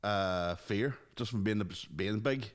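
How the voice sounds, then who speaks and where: A man, co-hosting a comedy podcast with quick, dry banter. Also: fairly low pitch. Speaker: podcast co-host. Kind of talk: casual comedic chat.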